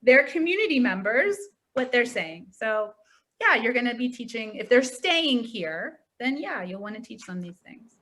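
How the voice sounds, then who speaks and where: A woman's voice: a little high, normal speed. A woman from Pittsburgh, a tutor trainer, giving a chatty training talk over a video call and telling anecdotes. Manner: chatty, animated storytelling with lots of "like".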